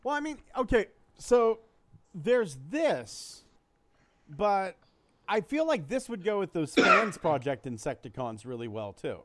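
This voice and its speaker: Chatting crudely and casually about toys, a podcast co-host tells a raunchy joke, voicing each character himself. His high, fairly bright voice swings widely in pitch and moves a little slowly.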